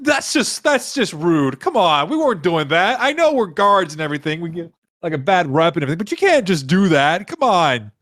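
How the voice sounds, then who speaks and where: A man's voice: high voice, very animated, a little fast, fairly bright tone, voice pushed up. A man doing a whiny, panicky young guard. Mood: pleading. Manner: whiny, pleading.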